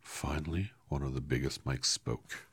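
A man reading a storybook aloud softly, half-whispered, correcting his slips. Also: extremely low pitch, steady tone, moderate pace, breathy edge, no room sound. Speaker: reader. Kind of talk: quiet storybook read-aloud.

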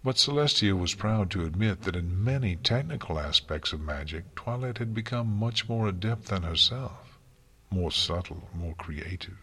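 Male audiobook narrator, deep voice, husky, calm steady delivery. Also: normal speed. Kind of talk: audiobook reading of fan fiction.

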